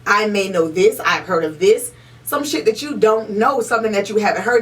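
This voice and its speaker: A woman's voice: medium pitch, moderate pace. A young woman co-hosting a podcast in casual chat. She is emphatic and profane and repeats her points for stress. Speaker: podcast co-host. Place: podcast room. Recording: voice a little distant from the mic.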